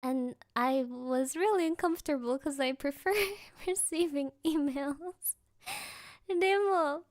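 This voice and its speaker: A young woman with a high voice chats unhurriedly from home, excitable and quick to laugh. She leans on fillers as she tells a story, and the sound is close and dry with no room around it. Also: dry recording. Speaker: streamer. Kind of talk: casual storytelling chat. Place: at home, creaky floor.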